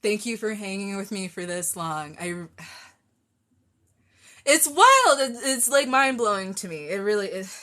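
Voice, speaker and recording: A woman's voice: mid-range voice, lively intonation, measured pace, pushed and bright. A young adult woman chatting casually with viewers on a live stream from her phone, rambling and effusive.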